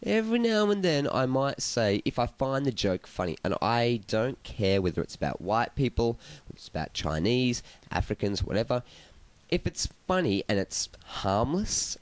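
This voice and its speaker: A young man co-hosting a casual podcast, swearing freely and telling stories with lively put-on quotes. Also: mid-range voice, moderate pace, no echo. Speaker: podcast co-host.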